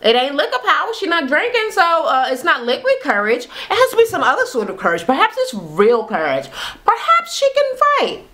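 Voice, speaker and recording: A woman with a fairly high voice rattles through a reality TV recap in casual, slangy talk. She is blunt, opinionated and swears freely, as if chatting with friends. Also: fairly quick, hardly any pauses. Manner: animated retelling, acts out quotes; slangy, conversational.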